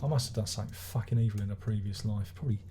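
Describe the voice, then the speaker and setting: A man's voice: lowish voice, racing, warm tone, a little hiss or hum. A man giving a rambling, sardonic album review, swearing and restarting his sentences as he goes. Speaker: music reviewer. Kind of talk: casual spoken album review.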